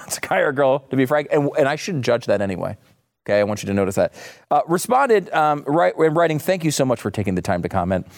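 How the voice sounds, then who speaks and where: A man rants sarcastically, his voice sitting high and swinging widely in pitch. He reads quotes aloud in a flatter tone, then mocks them with incredulous, exasperated outbursts. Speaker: commentary host. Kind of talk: ranting commentary, reading quotes aloud.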